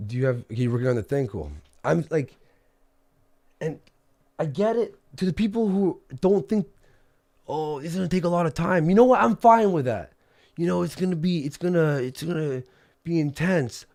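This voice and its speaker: A man's voice: fairly high pitch, lively intonation, moderate pace, a little mellow. A man ranting angrily on a livestream, agitated and swearing, often repeating himself. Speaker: streamer. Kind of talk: angry livestream rant.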